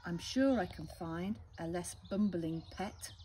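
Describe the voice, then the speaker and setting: A woman voicing a fussy female parrot in a storybook, pitched up and sing-song. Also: takes it slowly, mellow, a little hiss or hum. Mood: sighing.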